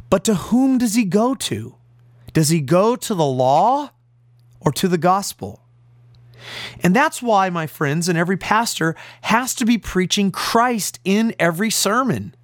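A man preaches with emphatic conviction, throwing out rhetorical questions. His pitch rises and falls widely. The sound is dry and close. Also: no room sound. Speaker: pastor. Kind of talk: radio sermon.

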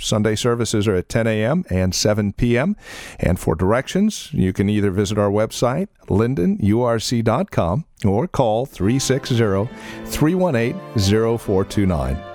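A man's voice: on the low side, big pitch swings, moderate pace, a little mellow, no echo, studio quality, faint music behind. Male radio announcer reading contact details. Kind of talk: scripted broadcast outro.

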